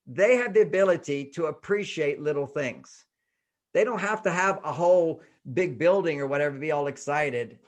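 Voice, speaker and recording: A man talking as a guest relationship author in a casual interview, animated and laughing, acting out little quotes as he explains. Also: a little high, moderate pace.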